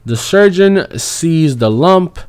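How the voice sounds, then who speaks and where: A man's voice: on the high side, animated, slow, a little mellow, smooth. A young man vlogging a personal story time in a casual, profane, rambling and exasperated way.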